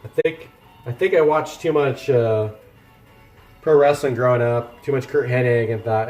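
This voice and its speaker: A man's voice: mid-range voice, moderate pace, darkish tone, echoey room, faint music behind. A man chatting casually to his viewers while cooking in a home kitchen, rambling and poking fun at himself. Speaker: cooking streamer. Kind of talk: casual cooking chat with live chat.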